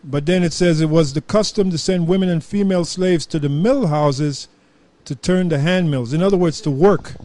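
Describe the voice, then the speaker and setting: A man's voice: on the high side, moderate pace, mellow, dry recording. A man taking part in a Bible study, chiming in with short agreements and reading out verses. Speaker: study participant.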